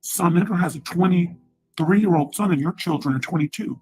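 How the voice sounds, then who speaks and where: A woman ranting on a livestream, combative and profane, with sudden loud outbursts. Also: fairly low pitch, normal speed.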